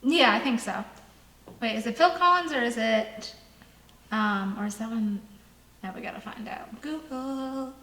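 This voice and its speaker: A woman co-hosting a casual chat, upbeat and chatty. Her voice is bright and a little high. She is recorded in an echoey room with faint background noise. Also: moderate pace, pauses often. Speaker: co-host.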